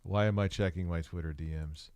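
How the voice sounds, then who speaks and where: A man's voice: low voice, steady tone, a little fast, darkish tone, clear, resonant tone, no echo. A man hosting a live stream, reacting to a video with crude, joking asides. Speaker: stream host.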